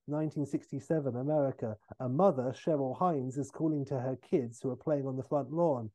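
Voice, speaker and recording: Man narrating a comedy pitch. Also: mellow, dry recording. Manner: narrates briskly and jumps into silly voices for characters. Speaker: comedy podcast host pitching a film. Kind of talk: comic storytelling, acting out scenes.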